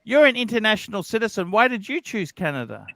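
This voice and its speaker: A man with an Australian accent hosting a livestream debate, blunt and quick to swear. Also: high-pitched, sing-song, a bit bright, no room sound. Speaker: livestream host. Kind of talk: heated casual debate.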